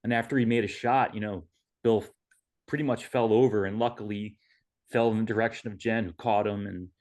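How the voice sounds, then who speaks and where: A man telling a personal story at an online memorial, halting with many fillers and restarts, heard over a video call. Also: on the low side, steady tone, a little mellow. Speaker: memorial speaker, son-in-law. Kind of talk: casual storytelling.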